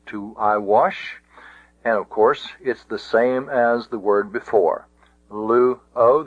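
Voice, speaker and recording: Slow, low-voiced man teaching a lesson. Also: no echo. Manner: slow, deliberate, many uh and um fillers. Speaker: Greek teacher. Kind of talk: recorded lesson. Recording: tinny phone-like audio.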